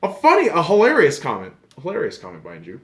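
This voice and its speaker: A man hosting a podcast, ranting casually and profanely about sports, sarcastic, dropping to a mutter and then flaring into loud outbursts. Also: on the high side, huge pitch swings, fast, reverberant. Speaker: podcast host.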